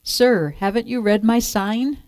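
A woman's voice: mid-range voice, lively intonation, dry recording, natural voice. A woman voicing a brave, firm little male mouse dentist in a read-aloud storybook. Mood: polite firm. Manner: firm, brisk, sometimes sharp.

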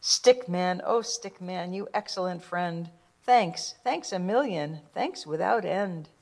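A woman voicing Santa, a jolly old man in a storybook, with a booming chuckle. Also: animated, slow pace, vocal fry, darkish tone, full character voice. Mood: grateful.

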